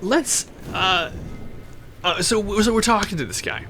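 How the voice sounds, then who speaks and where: A young man telling a story in a casual, animated way, full of fillers and restarts. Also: high-pitched, unhurried, slight background noise. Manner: animated, chatty, many fillers.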